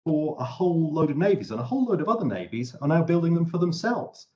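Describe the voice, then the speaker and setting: A man voicing a pushy Victorian boat-builder making an eager, wheedling sales pitch. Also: big pitch swings, fast, dark tone, muffled recording.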